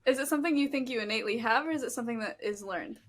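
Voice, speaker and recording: A woman's voice: on the high side, racing, slight background noise. A woman guest on a podcast call, asking curious, hesitant questions.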